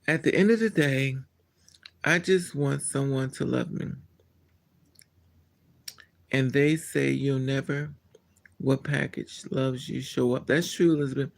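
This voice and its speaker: A man hosting a casual live stream, answering his chat in a blunt, candid and animated way. He laughs often and trails off mid-thought. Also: mid-range voice, measured pace, gravelly, pauses often.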